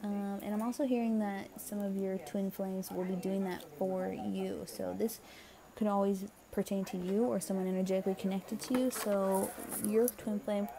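A woman's voice: medium pitch, flat delivery, normal speed, creaky, crowd noise. A young woman giving a casual, encouraging spiritual card reading, chatty and full of fillers, her voice tired and a little crackly. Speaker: tarot card reader.

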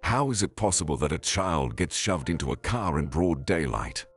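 A cornered father who deflects every question, speaking in a deep, husky voice with lively inflection, as a male narrator reads him. Soft music runs in the background. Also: moderate pace, full character voice. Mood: defensive. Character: defensive wealthy father, adult man.

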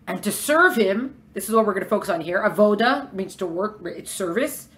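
A woman teaching a lecture class in a quick, conversational way, acting out bits of dialogue. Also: mid-range voice, lively intonation. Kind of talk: lecture on religious texts.

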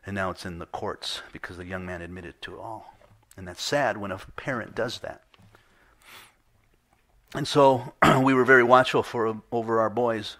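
A man's voice: fairly low pitch, steady tone, normal speed, pushed and bright. A middle-aged man preaching a sermon in a conversational way, acting out the voices he quotes. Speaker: pastor.

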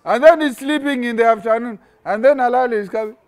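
A young man with a very high voice teaches children in a lively, animated way. He acts out scenes and keeps the kids answering with call-and-response questions. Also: brisk. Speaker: children's religious teacher and host. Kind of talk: interactive children's lesson.

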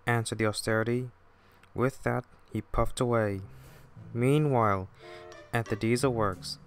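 A man narrating a fan-made train story in a plain, unhurried way. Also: medium pitch, fairly even intonation, faint music behind.

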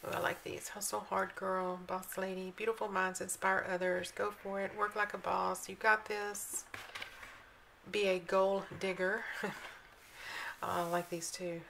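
A woman's voice: mid-range voice, little pitch movement, moderate pace, creaky, a bit bright, slight background noise, poor audio. A woman vlogging a casual walkthrough of planner sticker books, reading the slogans aloud in a chatty, admiring way.

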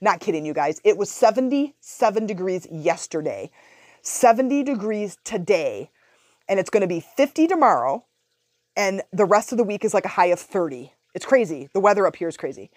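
A woman hosting a podcast, telling a personal story in a casual, animated way. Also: medium pitch, normal speed, dry recording, studio quality. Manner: animated, chatty, retells her own thoughts aloud. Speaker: podcast host.

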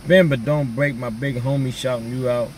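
A man talks casually to his viewers in relaxed slang, calling out names as he goes. His voice sits at an ordinary pitch and comes from a little way off the mic. A faint hum runs underneath. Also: normal speed, recorded from a distance. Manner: laid-back, chatty slang, reads out viewer names. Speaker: vlogger.

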